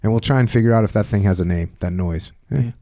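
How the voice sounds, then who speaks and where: A man hosting a podcast, talking bluntly in a casual chat, with drawn-out dismissive grunts. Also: lowish voice, dark tone. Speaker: podcast host.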